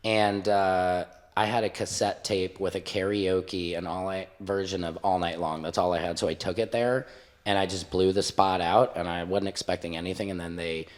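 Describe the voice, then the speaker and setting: Middle-aged guy hosting a podcast, kinda low voice, lively joking storyteller. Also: moderate pace. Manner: animated storyteller, jokes and swears freely. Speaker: podcast host. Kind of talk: casual storytelling chat.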